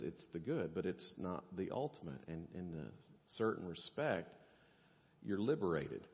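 A man preaching a sermon, animated, acting out the voices of the people he quotes. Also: sits low, a little slow. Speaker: pastor. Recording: dull sound with long hall reverb.

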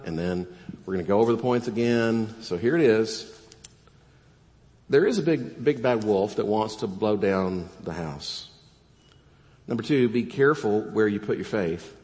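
A man preaching a sermon in a relaxed, joking way, his voice sitting on the low side. He tells the story with animation. The long reverb of a church sanctuary trails his pulpit microphone. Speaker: pastor.

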